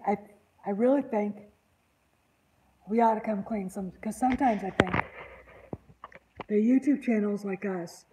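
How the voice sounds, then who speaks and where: A woman's voice: medium pitch, dark tone, rough recording. Exasperated woman hosting a chat. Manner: exasperated, rambling commentary. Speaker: online channel host. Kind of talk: casual panel chat.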